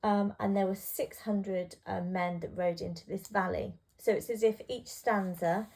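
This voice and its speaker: A woman's voice: mid-range voice, steady tone, a little slow, creaky, a little mellow. A woman tutor talking through a poem in a casual revision lesson, with plenty of ums and restarts. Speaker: English literature tutor.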